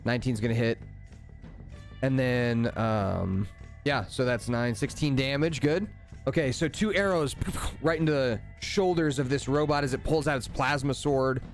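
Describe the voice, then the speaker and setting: Male game master, mid pitch, relaxed narration and rules calls, faint music bed. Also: moderate pace.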